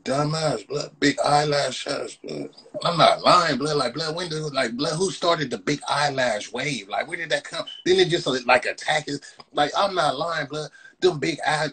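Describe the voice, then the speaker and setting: A man's voice: a little high, slightly rough, low-quality recording. Brash mocking man roasting viewers. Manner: loud, mocking, repeats "blood" constantly. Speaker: livestream host. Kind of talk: profane Instagram live roast.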